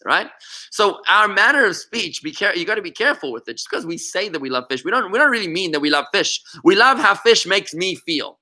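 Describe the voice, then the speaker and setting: A man's voice: high-pitched, lively intonation, fast, bright, forceful tone. A man, a rabbi, teaching an interactive class over a video call, telling stories animatedly and often repeating words as he goes. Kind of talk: interactive online lesson.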